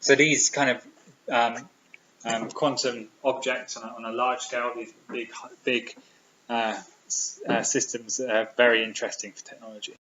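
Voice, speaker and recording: In a roomy, slightly dull recording from a lecture hall, a British physicist speaks at medium pitch with flat delivery and moderate pace, his tone bright and forceful over faint hiss or hum. His public talk is enthusiastic, riddled with ums and restarts.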